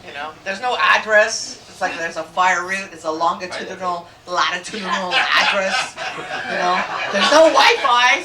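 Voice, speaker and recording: A middle-aged woman doing a stand-up comedy set, brash and crude, rising to shouted rants. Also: mid-range voice, expressive, normal speed. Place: comedy club stage with audience. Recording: echoey room, distant mic, loud crowd noise.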